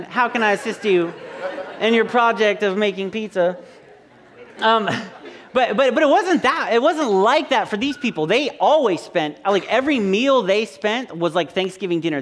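A man in his thirties, a pastor giving a conversational sermon with joking stories and frequent restarts. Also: sits high.

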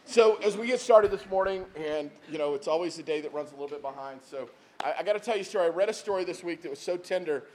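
A man's voice: on the high side, fast, a little mellow, a little hiss or hum. A man in his fifties, a pastor telling stories in a sermon, talking in a conversational, folksy way with asides to the congregation. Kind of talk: sermon with storytelling.

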